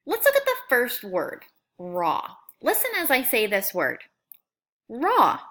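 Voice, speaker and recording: A woman teaching a phonics lesson to young students, sounding out words slowly and clearly in a friendly, coaxing way. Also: on the high side, wildly swooping pitch, a bit bright. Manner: slow, clear, exaggerated sound-outs.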